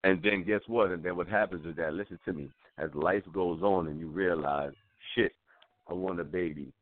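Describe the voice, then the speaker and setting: A man's voice: deep voice, steady tone, fairly quick. A man co-hosting a call-in talk show, blunt and repetitive, talking in street slang. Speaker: co-host. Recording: tinny phone line.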